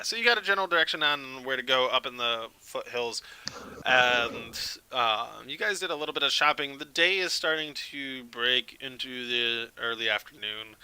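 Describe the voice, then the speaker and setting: Bright-voiced man narrating as game master. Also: mid-range voice, smooth, low-quality recording. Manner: loose, rambling narration with fillers.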